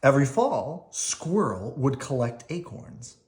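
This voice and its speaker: Woman, bedtime story read-aloud, playful, animated, lively intonation, slow pace. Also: extremely low pitch, slight background noise. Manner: playful, animated, chats with her child. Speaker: parent reading aloud.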